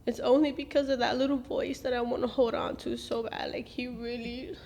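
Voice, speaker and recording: A woman's voice: on the high side, little pitch movement, brisk, warm tone, voice pushed up, close to an everyday voice. Daughter voicing her nagging, loving old father, lightly, in her own voice. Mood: wistful. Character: loving, nagging older grandfather.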